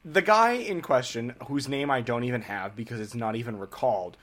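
A man's voice: medium pitch, brisk, a bit bright. A man in his twenties, a podcast host casually telling a history story in an irreverent, profane, joking way.

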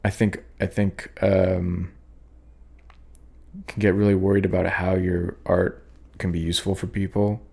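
A young man with a daughter, hosting a podcast and talking over his own poems in a halting, reflective way, with many fillers and restarts. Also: low voice, little pitch movement, gravelly, a little mellow. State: sleepy, yawning. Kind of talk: rambling reflective talk.

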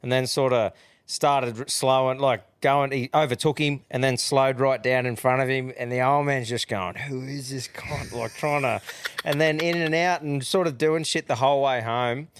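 A man's voice: medium pitch, fairly even intonation, moderate pace, smooth. A man hosting a casual podcast, laid-back and swearing a lot as he tells long rambling yarns. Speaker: podcast host.

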